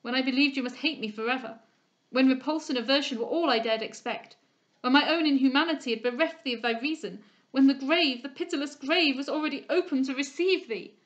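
Woman voicing Delvile, an impassioned young gentleman. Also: high-pitched, highs cut off, voice pushed up, close to an everyday voice. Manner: impassioned, slow and declamatory. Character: young gentleman lover, passionate and remorseful.

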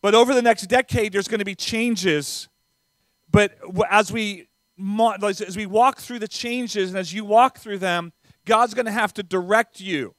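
A man's voice: sits high, unhurried, a bit bright, no echo. A man preaching as a visiting pastor, speaking in a conversational way with small fillers and a non-Southern American accent. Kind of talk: sermon. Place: church sanctuary.

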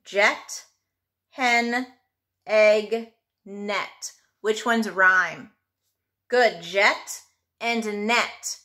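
A woman's voice: medium pitch, very slow, long pauses, bright, forceful tone. A woman teaching a phonics workbook lesson to a child, sounding out letters patiently.

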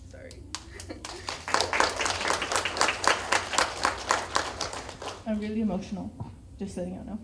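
A woman's voice: medium pitch, flat delivery, racing, hardly any pauses, over a noisy crowd, very noisy. A teenage girl with a Texan accent, a cheer captain giving a nervous, tearful thank-you speech. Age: teens. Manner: nervous, tearful, laughing between words. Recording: echoey room.

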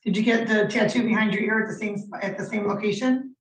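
A woman's voice: mid-range voice, fairly even intonation, fast, echoey room, distant mic, poor audio. A woman presiding as judge, speaking in brief, matter-of-fact remarks and questions. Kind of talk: courtroom questioning.

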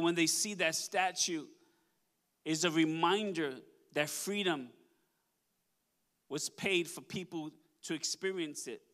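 Pastor guy preaching, kinda high voice, emotional, calls out to the church. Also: pushed and bright. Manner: emotional, declaring, calls on the congregation. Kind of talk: sermon. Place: church service.

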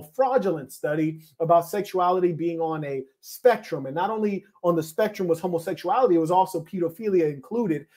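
A man hosting a podcast, giving scornful, lecturing reaction commentary with sharp swings in pitch and loudness, and reading listener messages. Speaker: podcast host.

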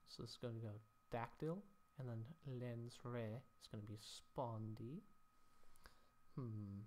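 A man's voice: medium pitch, slow pace, a little mellow. A man teaching Latin poetry scansion, thinking aloud as he works through each line, with mock-dramatic sighs at the rule-breaking.

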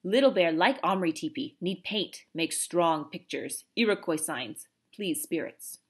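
A woman reading aloud, voicing a tiny, proud, stern warrior man who speaks in loud, clipped, broken phrases. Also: fairly low pitch, lively intonation, unhurried, husky.

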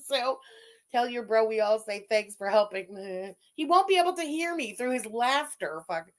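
A woman's voice: a little high, lively intonation, measured pace. A woman hosting a casual livestream, venting with a lot of swearing and frustration before reading out viewers' messages. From Quebec, Canada. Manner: exasperated, profane, venting. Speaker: livestream host.

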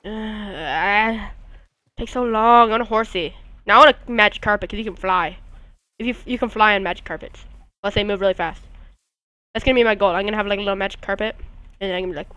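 A woman's voice: medium pitch, fairly even intonation, fairly quick, fairly bright tone. A woman giving casual commentary over her gameplay at home, rambling and goofy with sudden squeals. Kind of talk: casual let's-play commentary. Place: at home beside a friend.

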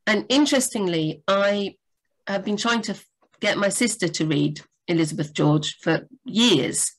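A woman co-hosting a live writing Q&A, chatty and rambling, with sudden lively jumps in pitch. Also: unhurried. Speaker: book editor and co-host. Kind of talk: live Q&A chat.

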